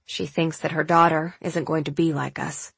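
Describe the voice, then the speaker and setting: A woman reading the lines of a shy, guarded young man who has long fended for himself, spoken quietly and hesitantly. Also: low voice, level tone, moderate pace, gravelly, slightly rough, dry recording, exaggerated voice.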